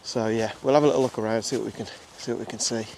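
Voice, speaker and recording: A man's voice: on the low side, steady tone, racing. Chatty Midlands man outdoors. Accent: English Midlands. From England. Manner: chatty, rambling, many fillers and restarts. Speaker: wildlife photographer. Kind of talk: casual vlog narration outdoors. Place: outdoors at a nature reserve.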